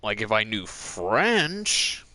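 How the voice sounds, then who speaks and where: A man's voice: lowish voice, very animated, drawn-out words, bright, forceful tone, no room sound. A man hosting a gaming channel, chatting casually while he plays and drifting from one joking tangent to the next. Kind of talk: casual commentary while playing a game.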